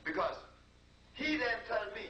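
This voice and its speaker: A man's voice: sits high, big pitch swings, a little slow, sharp tone, muffled recording. A man giving a talk to a live audience, telling a personal story in a conversational, repetitive way. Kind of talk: anecdotal lecture storytelling. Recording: roomy, distant, noisy live recording.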